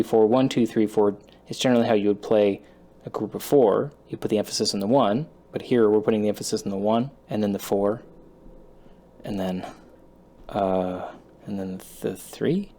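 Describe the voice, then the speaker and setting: A man with a warm, fairly low voice speaks at a moderate pace while learning a song's guitar part on camera, a casual self-taught lesson. He rambles, thinks aloud, and makes fun of himself over his own playing in a home studio with a loud computer.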